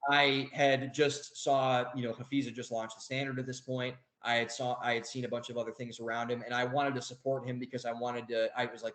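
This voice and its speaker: A man's voice: mid-range voice, little pitch movement, a little fast, hardly any pauses, fairly bright tone, echoey room, low-quality recording. A young man telling a story as a podcast guest, rambling, with many fillers and restarts. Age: young adult. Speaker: guest author. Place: home office.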